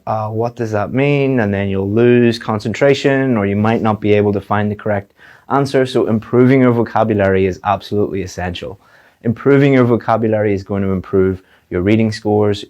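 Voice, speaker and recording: Male teacher, lowish voice, direct, repeats words for emphasis; video lesson. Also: darkish tone. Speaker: IELTS teacher.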